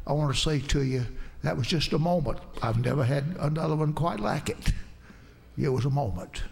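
A man's voice: on the high side, lively intonation, normal speed, creaky, darkish tone. A man preaching a sermon, telling a personal testimony in an earnest storytelling way, his voice rising in emphatic bursts.

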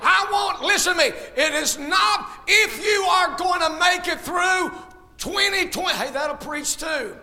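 Fiery high-voiced shouting preacher man. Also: unhurried. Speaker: pastor. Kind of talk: sermon.

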